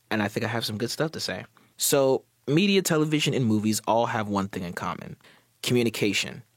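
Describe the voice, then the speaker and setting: A man's voice: lowish voice, no echo, clean studio sound. A man presenting a prepared, confident commentary for a media program and signing off. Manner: confident, with scripted sign-off.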